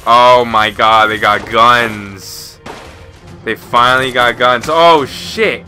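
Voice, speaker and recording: A man giving let's play commentary with excitable shouts and frequent exclamations. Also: medium pitch, slow pace, music in the background. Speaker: gamer.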